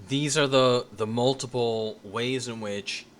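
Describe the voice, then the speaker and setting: A man's voice: medium pitch, takes it slowly, slight background noise. A man giving an informal lecture in a loose, conversational way, often checking in with "right?" and restarting his sentences.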